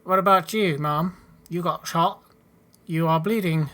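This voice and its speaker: A man plays a young frontier son of about twenty with a Canadian accent. He talks eagerly and anxiously in a slightly raised voice, a game character in a rough western world. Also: on the high side, unhurried, fairly bright tone. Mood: worried.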